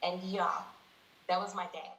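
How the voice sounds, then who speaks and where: A woman's voice: lowish voice, little pitch movement, moderate pace, fairly bright tone, slight background noise. A young woman in her twenties telling a personal story as an interview guest, acting out dialogue and laughing often. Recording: echoey room.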